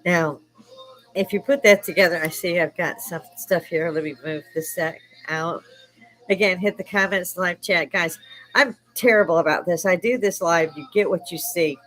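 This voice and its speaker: On a low-quality recording, an older woman talks at normal speed in a lowish, slightly bright voice. She's a Chicago live stream host and army veteran, keeping the chat casual and salty with frequent laughter between her stories.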